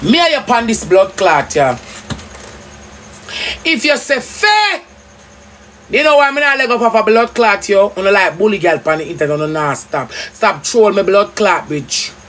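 A woman's voice: mid-range voice, very animated, moderate pace, a little hiss or hum. A woman with a Jamaican accent ranting angrily on a livestream, cursing and swooping up and down as she talks. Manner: angry, cursing, loud and swooping. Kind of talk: heated livestream rant.

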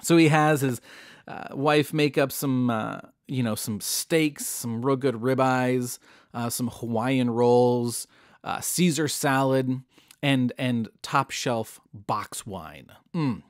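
A man's voice: medium pitch, slow, dry recording, clean studio sound. A man telling a Bible story in a casual, jokey way, full of modern slang. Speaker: Bible teacher.

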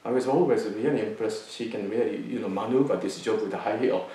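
A man giving a Zen dharma talk, telling a personal story in a halting way with many fillers and restarts. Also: fairly low pitch, mellow. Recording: echoey room, mic at a distance.

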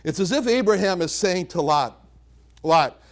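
Guy preaching in a chapel, fairly high voice that swings all over, lots of emphasis. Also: normal speed. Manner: animated, emphatic Bible teaching with repetitions. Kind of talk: sermon. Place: church chapel.

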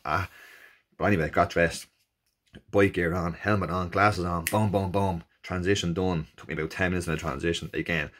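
A man with an Irish accent casually recounting his first endurance race, animated and jokey, acting out the people he met. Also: low voice. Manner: animated, jokey, acts out quoted exchanges in raised voices. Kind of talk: casual storytelling.

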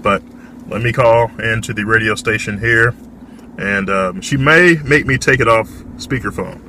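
A man's voice: on the low side, normal speed, sharp tone, a little hiss or hum. A man in his thirties, a resident surgeon, narrating his day in a casual vlog and explaining medical terms plainly as he goes.

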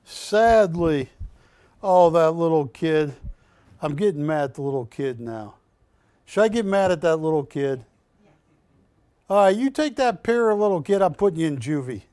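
A man's voice: on the high side, sing-song, normal speed, darkish tone, no room sound. A man hosting a live shopping-channel art auction, calling bids with joking, teasing banter from a TV studio.

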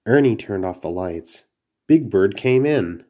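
Guy reading a kids storybook out loud, slow, mellow voice, stumbles a bit now and then. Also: on the low side, expressive. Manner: reads carefully, with small slips and restarts. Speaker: narrator. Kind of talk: children's storybook read-aloud.

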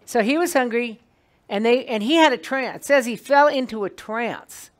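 A woman teaching an evening Bible class to a small group in a meeting room, talking in a lively, conversational way and putting questions to the class. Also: a little high, moderate pace.

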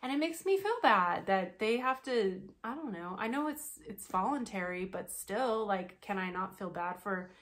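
A woman's voice: mid-range voice, expressive, normal speed, hardly any pauses, a bit bright. Blunt woman vlogger, frank chat. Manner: blunt, frank and laughs often. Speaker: commentary vlogger. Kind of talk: casual commentary vlog.

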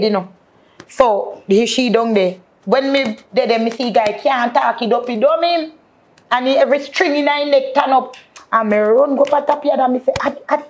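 A Jamaican woman, her voice sitting a little high, gives a heartfelt testimony in thick patois. She often draws out her words slowly and calls out to her listeners as people of faith. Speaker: guest. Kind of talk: emotional testimony.

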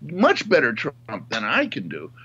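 A male comedian guest in casual chat, halting and hesitant. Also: mid-range voice, wildly swooping pitch, pushed and bright, breathy edge. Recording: dull lo-fi audio.

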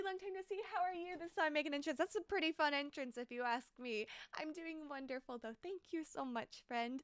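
A young woman streaming a building game, chatting casually and bubbly, thanking viewers with excited exclamations. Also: sits high, fairly quick, hardly any pauses, dry recording, studio quality.

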